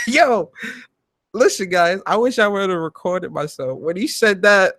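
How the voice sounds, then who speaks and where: Male streamer host, pitched a touch high, dry close mic, loose, profane and quick to laugh. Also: dry recording. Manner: animated, profane, laughs loudly, reads chat aloud. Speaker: host of a gaming talk show. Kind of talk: live-streamed commentary chat. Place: home.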